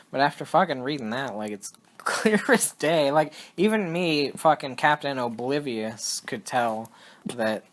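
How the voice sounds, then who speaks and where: A man's voice: medium pitch, a bit bright. Rambling young man on a podcast. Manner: rambling, self-interrupting, laughs often. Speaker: podcast co-host. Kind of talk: casual chat.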